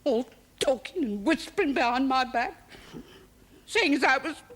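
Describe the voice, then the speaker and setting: A husky, grieving household cook. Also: female voice, high-pitched, lively intonation, moderate pace, a bit bright. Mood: defiant. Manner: defensive then grieving, broken speech. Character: strict, tearful middle-aged female household cook. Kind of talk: period television drama.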